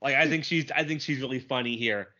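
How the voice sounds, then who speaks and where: A man co-hosting a cartoon podcast, recapping an episode with enthusiasm and quick quoted lines. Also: medium pitch, bright, forceful tone. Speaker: podcast co-host. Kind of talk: casual chat. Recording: dull lo-fi sound.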